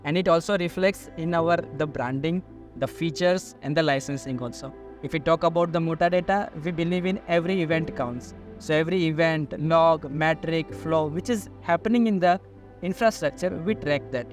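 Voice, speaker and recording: In a business interview, a sales manager with a voice on the high side speaks at normal speed over soft background music. His explanations run long, full of lists he keeps linking with "so".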